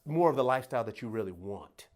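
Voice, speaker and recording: A man's voice: mid-range voice, animated, fast, darkish tone. A middle-aged man from Detroit giving a motivational talk at a workplace event, emphatic and folksy, often checking in with "right?". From Detroit, USA. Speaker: motivational speaker.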